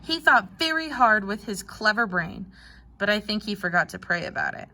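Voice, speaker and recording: A woman teacher reads a Bible story to young children and talks to them gently as she goes. Her voice is bright and clear. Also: mid-range voice, very animated, moderate pace.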